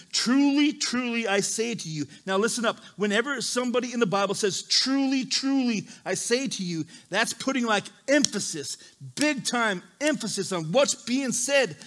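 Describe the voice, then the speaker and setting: A man with a high voice preaches to his congregation as their pastor. He reads scripture in a calm, measured way, then breaks into loud, animated asides. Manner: animated, swings from quiet reading to loud emphasis. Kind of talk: sermon with scripture reading. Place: church service.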